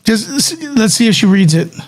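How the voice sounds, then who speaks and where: A man hosting a casual livestream, his voice worn hoarse and raspy, talking straight to his viewers. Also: sits high, very animated, moderate pace. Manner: rambling, addresses viewers directly. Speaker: livestream host.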